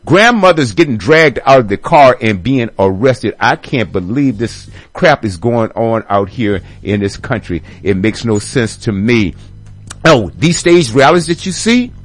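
A man's voice: medium pitch, lively intonation, unhurried, faint music behind. Emphatic male radio host ranting. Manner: emphatic, repeats rhetorical questions to listeners.

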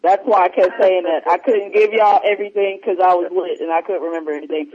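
A man's voice: high-pitched, fairly even intonation, fast, a little mellow. A man co-hosting a podcast in casual, rambling chat, retelling movie scenes between laughs. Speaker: podcast co-host. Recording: muffled lo-fi recording.

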